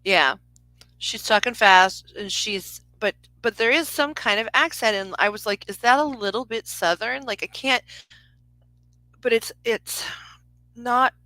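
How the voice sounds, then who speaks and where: A woman's voice: a little high, a little slow, sharp tone, no echo, rough recording. Rambling woman giving a live psychic reading. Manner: rambling, self-interrupting, lots of fillers. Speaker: psychic reader. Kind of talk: live reading on a phone call.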